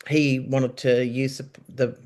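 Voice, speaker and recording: A middle-aged Australian woman and nurse telling her story in a casual chat, animated and emphatic, rambling with frequent restarts. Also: extremely low pitch, slow pace. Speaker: guest, nurse.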